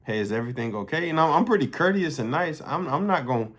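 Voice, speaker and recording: A man's voice: on the high side, lively intonation, quick pace, fairly bright tone. A man talking casually and bluntly to his viewers in a vlog, swearing freely as he tells a story. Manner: blunt, profane, conversational. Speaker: fitness coach.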